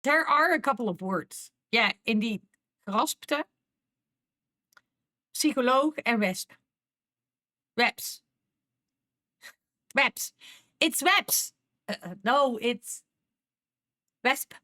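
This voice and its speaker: A woman's voice: on the high side, expressive, slow pace, pauses often, sharp tone. A woman with a Dutch accent chatting casually with viewers on a live stream, laughing often and repeating herself as she talks.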